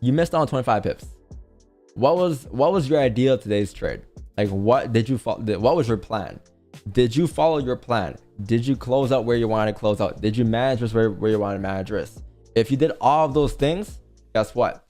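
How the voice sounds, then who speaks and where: A man hosting a casual livestream, coaching viewers with rapid rhetorical questions. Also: mid-range voice, warm tone, soft background music. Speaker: livestream trading host.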